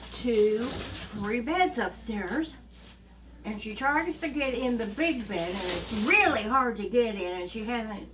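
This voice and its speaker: A woman telling a fairy tale to young children, animated and asking them questions along the way. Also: fairly high pitch, slight background noise. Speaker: children's storyteller. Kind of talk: reading a story to young children. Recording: distant mic with faint ambience.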